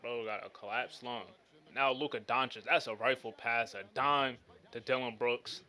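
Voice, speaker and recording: Man, gaming commentator, very bright tone, slangy hyped play-by-play. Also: medium pitch, steady tone, moderate pace.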